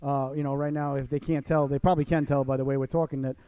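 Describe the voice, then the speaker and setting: A man from Long Island hosting a radio show, rambling casually and filling every pause with "you know", in dull lo-fi audio. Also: medium pitch, little pitch movement, smooth, dry recording. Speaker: radio host.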